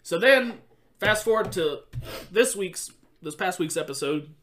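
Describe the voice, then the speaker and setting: A man chatting casually as a podcast host, an animated storyteller who acts out quotes and laughs often. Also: high-pitched, unhurried. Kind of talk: casual chat.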